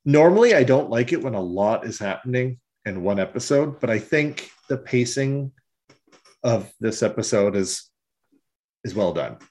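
Man for podcast co-host, expressive pitch, animated and loose. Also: normal speed. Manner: animated, laughs often, swears casually. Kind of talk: casual chat.

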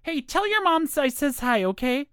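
A chatty Minnesota housewife. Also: female voice, high-pitched, very animated, normal speed, a bit bright, dry recording, clean studio sound, voice pushed up. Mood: gossipy. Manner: gossipy, folksy.

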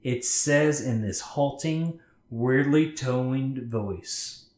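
A man's voice: mid-range voice, extremely slow, a little mellow. A man co-hosting a podcast, casually reading a scary story aloud, swearing freely and stopping to comment. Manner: profane, chatty, breaks off to comment. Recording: roomy echo.

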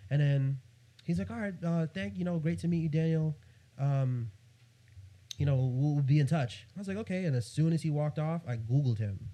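A young New York man, a guest photographer, tells a casual story on a podcast in a fairly high voice at normal speed. He's animated, acting out the other person's lines in a raised voice.

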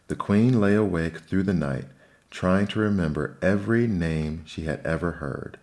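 Deep-voiced man reading fairy tales. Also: normal speed, darkish tone. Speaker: storyteller. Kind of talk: fairy tale read-aloud.

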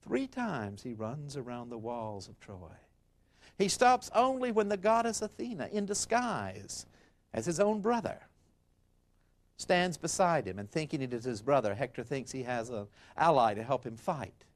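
Speaking at a medium pitch and a little slowly, a man delivers a storytelling history lecture. He recounts an ancient tale dramatically and expressively, performing the quoted lines as he goes.

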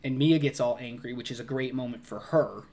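A man's voice: mid-range voice, fairly quick, darkish tone. A man co-hosting a podcast, chatting casually about a movie and animatedly acting out its scenes with voices and grunts. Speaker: podcast co-host. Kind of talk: casual movie review chat.

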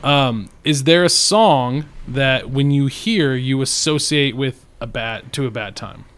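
A man co-hosting a relaxed podcast among friends. He jokes around and keeps moving the talk to the next question. His voice sits at an ordinary middle pitch. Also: slow. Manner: joking, leads the questions. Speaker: podcast co-host. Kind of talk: casual chat.

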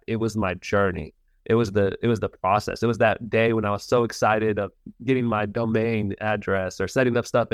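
Male guest, thirties, low dry voice, sincere and reflective, halting restarts. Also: no echo. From United States. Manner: earnest, restarts words, quotes his own inner voice. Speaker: podcast guest. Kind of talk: reflective interview talk.

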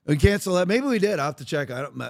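A man's voice: high-pitched, sing-song, fast. A man hosting a podcast, giving blunt, emphatic political commentary in a rambling way with frequent restarts. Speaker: podcast host.

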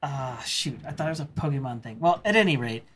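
A man co-hosting a podcast in casual chat, rambling and animated, with many fillers. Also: mid-range voice, quick pace, a loud crowd. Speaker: podcast co-host.

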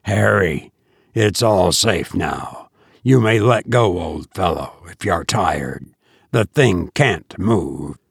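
A man puts on a hoarse, steady friend who speaks low and soothing, well below his plain reading voice. The words come slowly and softly, in a dry close sound. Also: no room sound, full character voice. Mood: hushed. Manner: soothing, hushed. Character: steady male friend, shaken but calm.

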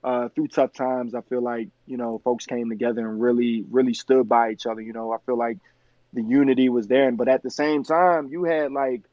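A man's voice: medium pitch, moderate pace, no echo, dull audio. A young man, a podcast guest, telling stories in casual slangy chat with lots of fillers. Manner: slangy, animated storytelling with many fillers.

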